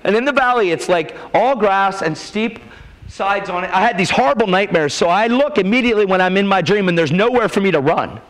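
A man preaching a testimony sermon at a church revival, telling his story with emphatic, animated delivery and quoted dialogue. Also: sits high, brisk, poor audio.

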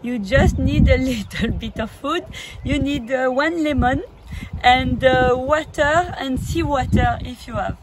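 French-accented woman wellness coach, slow and hesitant, slightly high voice, casual vlog delivery. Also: noisy background. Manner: halting, hesitant, many fillers, laughs often.

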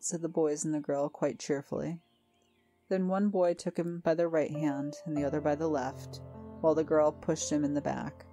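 A woman narrating a storybook tale in a calm, measured reading. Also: sits low. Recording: faint music behind.

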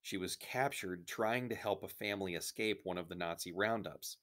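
A man's voice: low voice, moderate pace, a bit bright. A man doing a pleading young girl. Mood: earnest. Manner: pleading, tearful. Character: young girl, brave but frightened.

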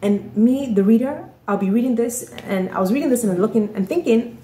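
An author and vlogger tells a story in a chatty, casual vlog, often tossing in "right?" and "you know." Her voice is fairly high, fairly quick and mellow, recorded in a roomy, echoey space with a little hiss or hum.

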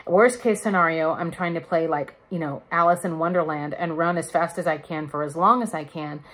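Speaking fairly quickly in a low, slightly bright voice, this vlogger in her thirties talks openly to camera. It's a casual chat, broken up by the occasional laugh.

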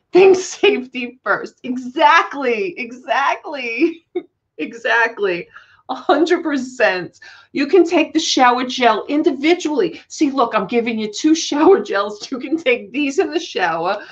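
A woman's voice: sits high, highs cut off. A woman hosting a live auction stream, laughing through her words. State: laughing to tears. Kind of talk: live selling stream chat.

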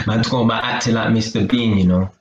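A man's voice: fairly low pitch, normal speed, echoey room, lo-fi sound, a little hiss or hum. A man giving a casual live-stream talk to his viewers, chatty and full of tag questions. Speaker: vlogger.

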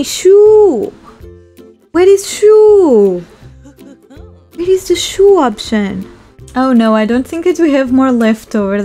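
A woman casually commenting on a life-sim game as she plays, chatting and scolding her characters, with quick bursts of laughter. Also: high voice, a little mellow. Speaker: let's play host.

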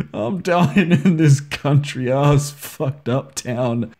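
A man's voice: medium pitch, drawn-out words, darkish tone. A man nervously talking through a horror game, swearing often and coaxing the characters on screen. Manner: nervous, swears often, voice leaps up when startled; coaxes and scolds characters on screen. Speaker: gaming video host. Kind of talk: anxious horror-game commentary.

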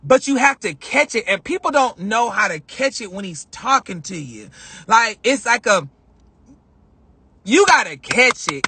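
A man chatting casually on a livestream, emphatic and animated, repeating phrases for effect as he tells a spiritual story. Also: high voice, slightly rough. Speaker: vlogger.

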